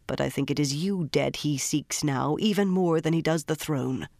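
A poised noble lady in an audiobook, speaking in a tight, careful voice, as the reader puts her on. Her phrasing is formal and measured. The recording is dry and close. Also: mid-range voice, gravelly, a little mellow, no echo, natural voice. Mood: tense warning. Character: poised noblewoman, tense and guarded.

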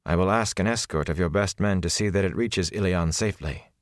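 A man voicing a calm, stern woman sorceress in an audiobook, speaking in a measured, flat way. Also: low-pitched, no room sound, clean studio sound. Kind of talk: audiobook character voice.

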